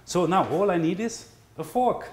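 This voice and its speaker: A man with a German accent, a culinary instructor giving a relaxed cooking demonstration and listing teaching ideas. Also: high voice, normal speed, a little hiss or hum.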